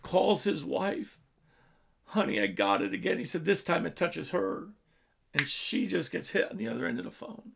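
Male preacher, high and gravelly, dynamic sermon delivery. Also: moderate pace, fairly bright tone. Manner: storytelling preaching, swells and drops in volume.

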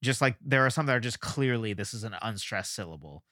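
A man's voice: fairly low pitch, animated, fairly quick, fairly bright tone, dry recording. Man, podcast host, casual explainer, self-correcting, dry studio sound. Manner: thinking aloud, frequent restarts and "right?" checks.

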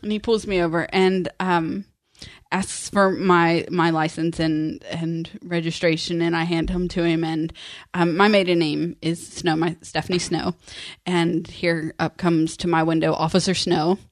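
A middle-aged woman chatting and telling stories, with quick asides and laughs. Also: on the low side, little pitch movement, no echo, clean studio sound. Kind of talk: casual storytelling chat.

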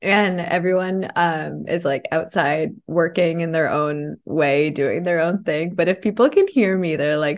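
A woman's voice: lowish voice, moderate pace, few pauses. A young woman hosting a casual, confessional podcast from a podcast room in a co-working space, candid and laughing often as she swears freely. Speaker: podcast host and self-love coach.

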